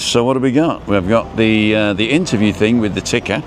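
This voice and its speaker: Brief: male livestream host, lowish voice, chatty and rambling, reads viewer comments aloud, street noise clearly audible behind him. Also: a little fast. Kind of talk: casual live-stream chat. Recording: noisy outdoor street background.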